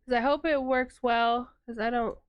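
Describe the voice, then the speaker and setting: A woman's voice: a little high, steady tone, moderate pace, clean tone, no echo, muffled recording. A woman streamer chatting casually with her live chat while winding yarn, laughing often and reacting to comments.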